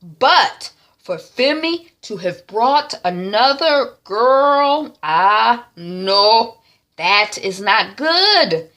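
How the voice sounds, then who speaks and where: A woman's voice: a little high, big pitch swings, extremely slow, fairly bright tone, exaggerated voice. A woman voicing a worried, caring mother who gives firm, earnest advice.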